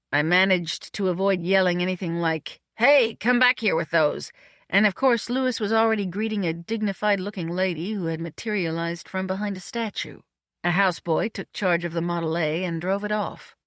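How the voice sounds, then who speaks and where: A woman narrating an audiobook in a measured, dryly witty way. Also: on the low side, no room sound, studio quality. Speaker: audiobook reader. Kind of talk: scripted storybook narration.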